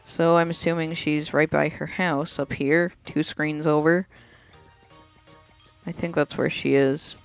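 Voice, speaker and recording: Chatty gamer talking over gameplay, kinda gravelly, offhand. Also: medium pitch. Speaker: let's play commentator. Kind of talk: casual game commentary.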